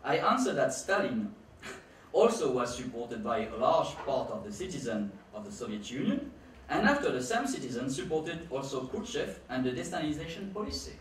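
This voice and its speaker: A man's voice: mid-range voice, big pitch swings, moderate pace, slight background noise. A man giving a conference lecture in English, emphatic, repeating his key words for stress with phrasing. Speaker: conference speaker. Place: conference hall. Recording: roomy hall, mic at a distance.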